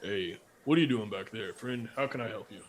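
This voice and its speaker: A man's voice: lowish voice, brisk, a little hiss or hum, close to an everyday voice. Man playing an easygoing blacksmith. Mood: friendly. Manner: easygoing salesman patter. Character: friendly male blacksmith merchant.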